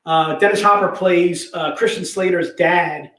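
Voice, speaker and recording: A man in his fifties hosting a live sales stream with energetic, jokey salesman patter. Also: high voice, a little slow, reverberant, low-quality recording. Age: 50s. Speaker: host.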